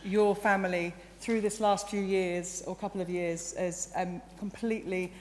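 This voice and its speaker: A woman in her forties, a university chancellor giving a graduation address, earnest and a little croaky, now and then correcting herself mid-sentence. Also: mid-range voice, flat delivery, normal speed, darkish tone. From England. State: croaky, emotional. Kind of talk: ceremonial speech. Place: large hall. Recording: reverberant hall, light background noise.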